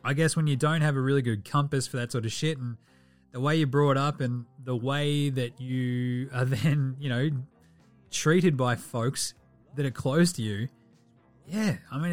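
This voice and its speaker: An Australian man with a mid-range voice hosts a casual sports podcast. He jokes, swears and jumps into bursts of excitement.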